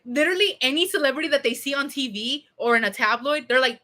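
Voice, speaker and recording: A woman's voice: high-pitched, fast. A young woman chatting casually on a livestream, rambling and swearing as she goes. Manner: rambling, animated, swears a lot.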